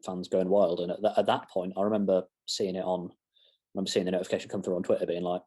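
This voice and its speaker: Brief: deep, husky young male fan vlogger, chatty and self-deprecating, meanders off topic. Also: flat delivery, very fast, a little mellow. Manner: rambling, self-mocking asides. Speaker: fan channel presenter. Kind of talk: casual football match reaction.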